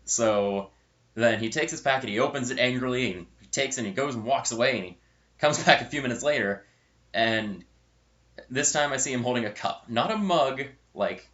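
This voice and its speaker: A young man with an ordinary, mid-pitched voice tells a story on camera in a loose, conversational way, tossing in asides and correcting himself mid-sentence. The recording is slightly dull and lo-fi, like a simple home setup. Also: fairly quick, a bit bright. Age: young adult. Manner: chatty and rambling, with self-correcting asides. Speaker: storyteller and channel host. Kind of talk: casual storytelling vlog.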